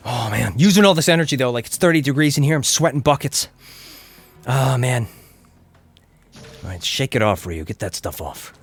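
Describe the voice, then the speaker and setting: A man chatting casually to his chat while playing an action game, getting loud and excited during fights. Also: medium pitch, moderate pace, long pauses, slightly rough. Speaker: game streamer.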